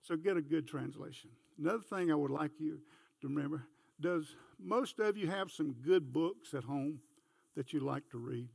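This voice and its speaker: A man's voice: on the high side, moderate pace, gravelly, a little mellow, husky, no echo, studio quality. A man preaching a folksy sermon in church, telling homespun stories and talking straight to the congregation. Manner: homespun, anecdotal, talks to the congregation directly. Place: church sanctuary.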